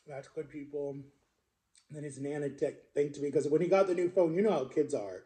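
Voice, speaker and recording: A young man talks straight to his followers in a loose storytime monologue, circling back and restarting his sentences as he goes. His voice sits a little high for a man but has a soft, mellow color. He sounds unscripted and chatty throughout. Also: quick pace. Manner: rambling, conversational, lots of fillers and restarts. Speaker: social media creator.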